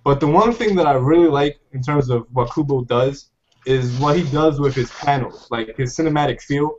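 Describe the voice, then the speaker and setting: A man's voice: medium pitch, normal speed, a little hiss or hum. Laid-back slangy man. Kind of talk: casual group chat. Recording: lo-fi stream audio.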